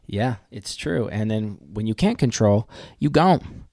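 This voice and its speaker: A man co-hosting a podcast, chatting in an animated, jokey, rambling way. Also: on the low side, measured pace, gravelly, no room sound, studio quality. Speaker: podcast co-host. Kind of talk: casual commentary chat.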